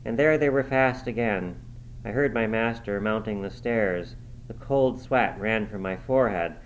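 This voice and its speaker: A man reading a classic novel aloud in a measured, dramatic first-person narration. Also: on the low side, a little hiss or hum, rough recording. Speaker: audiobook reader.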